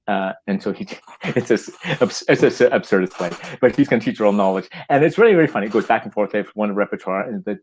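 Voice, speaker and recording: Lively storytelling man, low voice. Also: low-quality recording. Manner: animated storytelling, acting out quoted lines; halting, repeats words often. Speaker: playwright guest. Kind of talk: casual chat.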